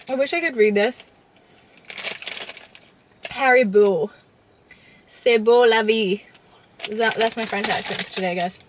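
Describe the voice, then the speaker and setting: A young woman chatting in a casual vlog from inside a car, bubbly and gushing with lots of fillers. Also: on the high side. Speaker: vlogger. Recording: noisy car recording.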